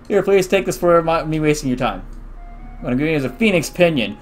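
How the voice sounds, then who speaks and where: A young man hosting a let's play, reading game dialogue aloud with chatty, excitable reactions. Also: on the high side, fast, faint music behind.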